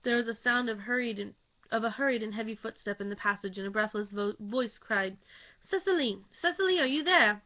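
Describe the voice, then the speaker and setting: A woman at home reading a classic novel aloud into a webcam in an expressive, theatrical storytelling manner. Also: mid-range voice, fairly quick, highs cut off. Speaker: audiobook reader.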